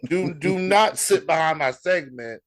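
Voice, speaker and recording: An American man co-hosting a sports podcast, talking in a casual, animated way with laughter and mock exasperation. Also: on the high side, measured pace. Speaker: podcast co-host.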